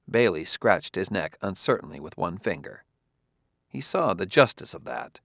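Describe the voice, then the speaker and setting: Man, audiobook narrator, lively pitch, dry close sound. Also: normal speed, gravelly, dry recording.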